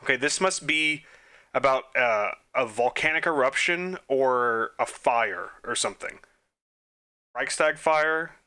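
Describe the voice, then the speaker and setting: A man's voice: medium pitch, animated, takes it slowly, sharp tone, clean tone. A young man casually thinking aloud as he plays trivia quizzes, muttering answers and making self-deprecating, chatty asides. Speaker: quiz game let's player.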